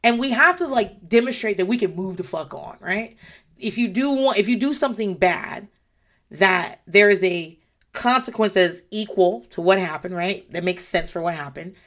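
A mother talking casually about parenting, blunt and animated, with plenty of swearing. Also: medium pitch, moderate pace.

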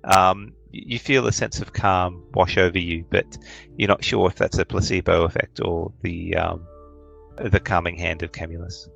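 A man's voice: sits low, steady tone, moderate pace, vocal fry, a bit bright, highs cut off, faint music behind. A man narrating as game master of a tabletop game. He hesitates often and fills his speech with ums and uhs.

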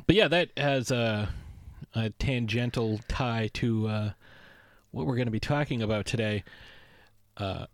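A man's voice: medium pitch, measured pace, long pauses, no echo. Male podcast host, casual and jokey, tangent-prone, dry close-mic sound. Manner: playful, rambling, prone to tangents.

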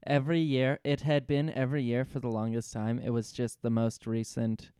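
A man's voice: medium pitch, flat delivery, normal speed, mellow, clean tone, dry recording, clean studio sound. A man co-hosting a podcast, chatting playfully and going off on tangents. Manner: laughs often, playful, goes off on tangents. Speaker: podcast co-host. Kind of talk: casual chat.

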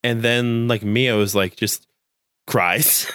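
A young man co-hosting a casual chat, rambling with lots of filler words and lively quoting. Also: mid-range voice, takes it slowly, clear, resonant tone, dry recording, studio quality. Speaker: podcast co-host.

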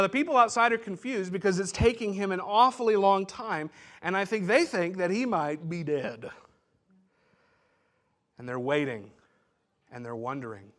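A man's voice: on the high side, fairly bright tone. A man pastor giving a sermon, teaching in a conversational way with asides and restarts.

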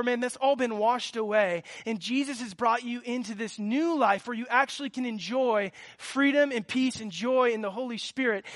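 A man's voice: extremely high pitch, a bit bright. A man in his thirties preaching a sermon, telling a personal story with fervent, earnest delivery. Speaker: pastor.

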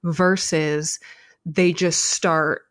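Woman, deep voice, animated storyteller, casual chat. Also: very slow. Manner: animated storyteller with vivid examples.

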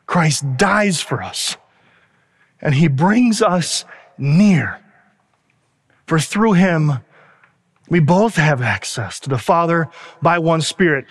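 A pastor giving a sermon, telling a story in an animated way with asides and quick laughs. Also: male voice, high voice, big-room sound.

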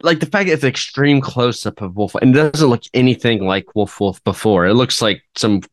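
A man's voice: mid-range voice, moderate pace, no room sound. A man co-hosting a podcast, chatting casually in a wry, musing way. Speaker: podcast co-host. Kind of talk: casual chat.

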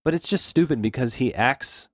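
A man co-hosting a podcast in casual chat, giving an animated retelling of a movie and acting out the characters' lines. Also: medium pitch, normal speed, dry recording, clean studio sound. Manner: animated retelling with acted-out quotes. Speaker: podcast co-host.

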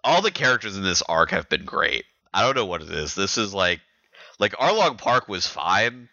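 A man's voice: on the low side, big pitch swings, normal speed, sharp tone, no echo, highs cut off. A man co-hosting a podcast, casually recapping chapters in a rambling way with lots of fillers and restarts. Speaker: podcast co-host.

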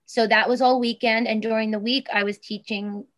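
A woman's voice: fairly high pitch, level tone, normal speed, fairly bright tone. A woman in her thirties, a guest in an interview, speaking earnestly and with emotion, with many fillers and restarts. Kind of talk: personal interview.

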